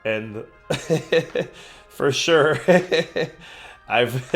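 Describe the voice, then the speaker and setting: Excitable man gushing in a reaction video. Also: mid-range voice, moderate pace, faint music behind. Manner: excitable, gushing, swears a lot. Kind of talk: casual reaction commentary.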